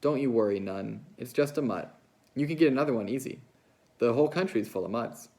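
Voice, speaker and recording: A man reading a novel aloud, putting on the voice of a lonely, restless young ranch wife who talks in a coaxing, hurried way. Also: medium pitch, mellow, close to an everyday voice. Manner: coaxing, fast, pleading.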